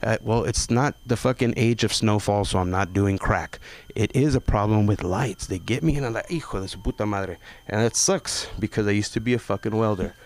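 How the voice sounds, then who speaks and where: A man's voice: on the low side, moderate pace. A man doing a stand-up set, loose and profane, telling a story about a comedy show and acting out the people in it. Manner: profane, loose, acts out other voices.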